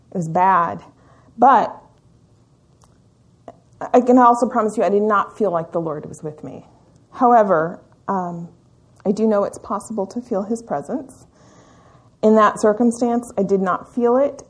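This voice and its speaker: A woman teaching a Bible study in a church meeting room, speaking in an earnest, reflective and measured way with the occasional "um". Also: medium pitch.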